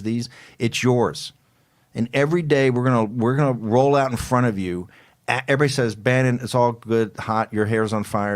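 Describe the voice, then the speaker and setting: A male talk show host haranguing his listeners in a forceful, hectoring way, often repeating himself. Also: fairly low pitch. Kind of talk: fired-up political talk show.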